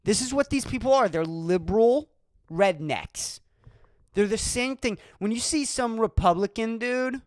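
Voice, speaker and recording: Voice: mid-range voice, no room sound. A podcast host from Massachusetts, ranting solo in a profane, emphatic way that keeps circling back on the same points.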